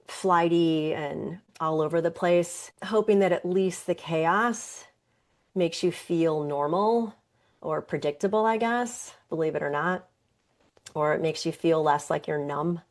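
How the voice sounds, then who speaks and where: A woman with a low-pitched voice hosts a wellness podcast as a yoga teacher. She talks earnestly and conversationally, as if speaking to her class. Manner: earnest, conversational, with occasional laughs. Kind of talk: reflective wellness talk.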